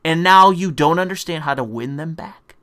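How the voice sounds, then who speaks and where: A man's voice: fairly high pitch, moderate pace, sharp tone. A man delivering an angry, profane political rant in a combative, sarcastic manner. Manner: mocking put-on voices when quoting opponents. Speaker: political commentator.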